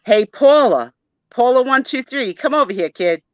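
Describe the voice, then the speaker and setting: A woman voicing a bossy schoolgirl who fondly orders her classmates around, emphatic and high. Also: expressive, normal speed, no echo, muffled recording.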